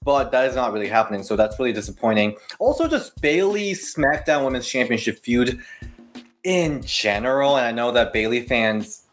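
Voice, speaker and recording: A man co-hosting a casual wrestling review chat, animated and quick to laugh, using "like" fillers. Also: medium pitch. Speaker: podcast co-host.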